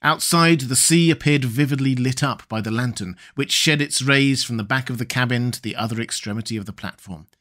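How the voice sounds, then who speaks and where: A man narrating a classic adventure novel as an audiobook reader in a measured, steady way. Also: medium pitch. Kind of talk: scripted narration.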